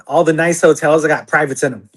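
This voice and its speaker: Halting man, slightly higher voice. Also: fairly even intonation, a bit bright. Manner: halting, filler-heavy, frequent "like". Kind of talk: casual chat.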